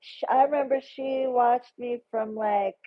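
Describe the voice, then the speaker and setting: A woman with a fairly high, steady voice speaks a little slowly as she hosts a casual tarot livestream, chatting effusively while reading out viewer comments. The audio is narrow and phone-like.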